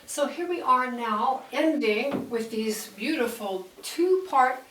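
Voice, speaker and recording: A woman's voice: high-pitched, expressive, slow pace, fairly bright tone, slight background noise. A woman teaching piano, explaining the music and singing out rhythms. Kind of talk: piano lesson. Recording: roomy echo, distant mic, piano between phrases.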